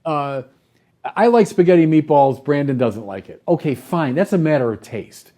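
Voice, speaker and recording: A man's voice: a little high, expressive, normal speed, mellow. An older man, a bishop, talking animatedly and emphatically in a podcast conversation, acting out imagined voices in mock quotes.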